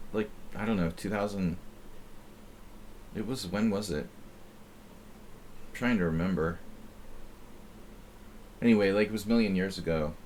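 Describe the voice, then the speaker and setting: A middle-aged man hosting a chess stream, chatting casually in a rambling, halting way with lots of fillers and restarts. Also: deep voice, slight background noise. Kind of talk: casual chat while playing.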